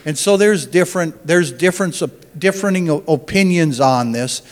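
A man's voice: on the high side, moderate pace, big-room sound. A man giving an informal Bible teaching, thinking aloud and often restarting his phrases.

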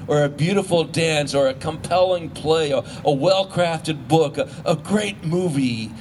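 A male pastor delivering a sermon. He talks in a loose, conversational way, stopping to restart and asking the listeners questions. His voice sits a bit high for a man, with a faint hiss of noise behind it.

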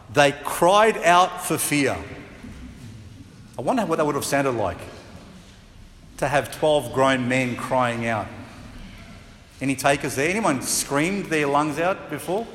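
A man preaching a sermon as pastor, chatty and lively, now and then acting out voices with a laugh. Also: fairly high pitch, long reverb tail, slight background noise. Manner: conversational, acts out voices and laughs.

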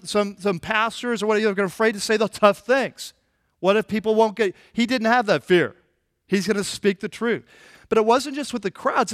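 A man's voice: high-pitched, a bit bright, dry recording, studio quality. A man preaching a conversational sermon as pastor, informal and emphatic, with many fillers and restarts.

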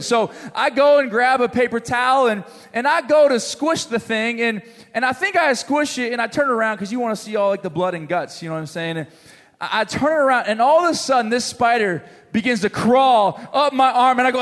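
A man preaching to a congregation, an animated storyteller who jokes with the crowd between points. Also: sits high, moderate pace, long reverb tail. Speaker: pastor. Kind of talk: sermon with a humorous story. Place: church hall with congregation.

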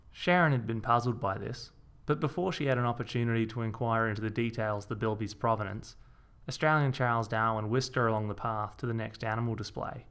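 Brief: male storyteller, dry deadpan delivery, gravelly texture. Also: mid-range voice, a little fast. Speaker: narrator. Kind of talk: comic audiobook narration.

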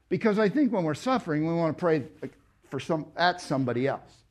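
A man preaching a sermon, emphatic, with rhetorical questions and loud stressed words. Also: on the high side, expressive, fairly quick. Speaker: pastor. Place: church.

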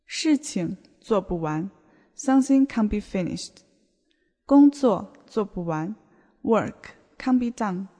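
A woman teaching a beginner language lesson on a podcast, explaining words in a slow, clear way. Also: mid-range voice, animated, warm tone. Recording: long hall reverb.

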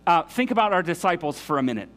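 Earnest man preaching, higher voice. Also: big pitch swings, quick pace, a bit bright. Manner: earnest, emphatic preaching with repeated restarts. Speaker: pastor. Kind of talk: sermon.

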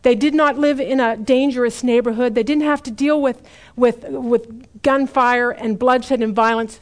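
Middle-aged lady preaching, kinda high voice, earnest, drags out the big points and quizzes the listeners. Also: steady tone. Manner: earnest, slows down to stress key points; asks the listeners direct questions. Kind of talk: sermon.

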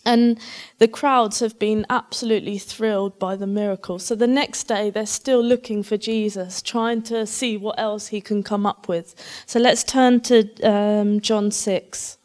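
A woman's voice: medium pitch, steady tone, unhurried. A woman reading Bible passages aloud and breaking off now and then with personal comments, like a preacher in a talk. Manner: reads scripture aloud, breaks off for warm personal asides.

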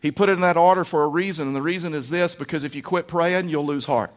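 A man's voice: on the high side, fast talker. A man preaching a sermon as a pastor, telling stories in a folksy way and repeating phrases for emphasis.

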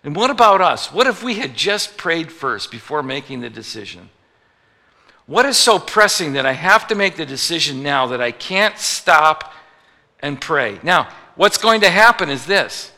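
A man's voice: on the high side, sharp tone. A man preaching a sermon as pastor, joking with the congregation and acting out little voices for the people he quotes. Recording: long reverb of a large hall.

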